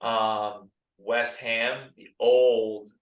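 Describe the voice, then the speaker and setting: An American man in his thirties, a former pro soccer player telling stories as a podcast guest in a relaxed, chatty way full of filler words. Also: medium pitch, drawn-out words, recorded from a distance. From United States. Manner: laid-back, lots of "like" and "dude". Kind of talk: casual podcast storytelling. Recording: roomy, set back from the mic.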